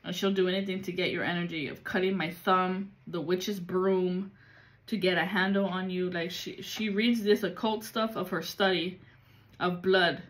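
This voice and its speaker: A woman's voice: on the low side, fairly even intonation, normal speed. A woman giving a casual spiritual reading, blunt and full of profanity and street slang. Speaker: psychic reader.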